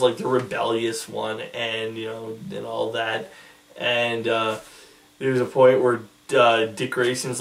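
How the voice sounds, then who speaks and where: A man's voice: mid-range voice, far from the mic. A man vlogging casual commentary, rambling and restarting his sentences often.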